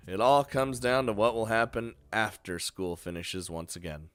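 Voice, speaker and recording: A man's voice: sits low, steady tone, moderate pace, hardly any pauses, a bit bright, clean tone, dry recording, soft background music. A man reading a visual novel aloud with casual, profane commentary. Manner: casual, swears, laughs between lines. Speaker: let's play reader.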